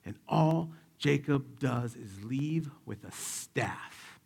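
A man's voice: medium pitch, expressive, takes it slowly, gravelly, few pauses, darkish tone, husky. A male pastor preaching a sermon, retelling a Bible story in a casual, joking way and acting out the quotes.

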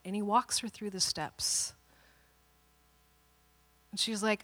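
A woman pastor in her thirties telling a family story during a sermon, animated and dramatic, with playful asides. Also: on the high side, a little slow, long pauses, in a large hall.

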